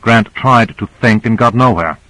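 A man reading a novel aloud as narrator in a measured, even manner. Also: fairly low pitch, no echo, rough recording. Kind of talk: audiobook narration.

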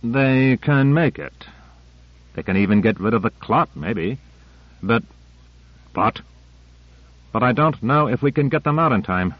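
A man's voice: medium pitch, slightly rough, no echo, muffled recording. A man playing a miserable, anxious scientist who hesitates and stammers, in an audiobook.

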